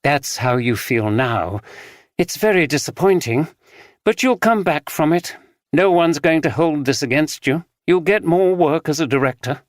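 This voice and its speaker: A male narrator voicing a caring woman who gently reassures her partner. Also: low voice, animated, measured pace, dry recording, studio quality, pitched above the performer's own voice. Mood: reassuring.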